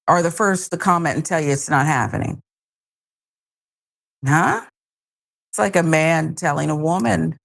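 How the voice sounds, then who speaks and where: Low-voiced opinionated woman host. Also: gravelly. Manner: wry, opinionated, emphatic. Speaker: show host. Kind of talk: talk show commentary.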